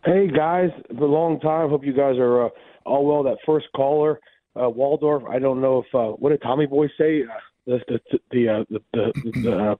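A man's voice: medium pitch, no room sound. A man calls into a sports radio show, his voice shaky and tired. He halts and repeats himself constantly, and it all comes through a thin, phone-like line. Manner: halting, stumbling, repeats words. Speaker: caller. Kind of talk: rambling call-in.

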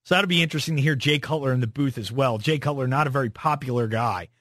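A man's voice: medium pitch, quick pace, fairly bright tone, no room sound, clean studio sound. A young man hosting a sports talk radio show, casual and opinionated, rambling through his takes.

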